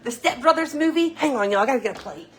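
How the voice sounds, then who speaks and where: A woman's voice: sits high, lively intonation, fast, crowd noise. A middle-aged woman, chatting casually with viewers as she hosts a live stream from her home kitchen. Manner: chatty, laughing, greeting viewers by name.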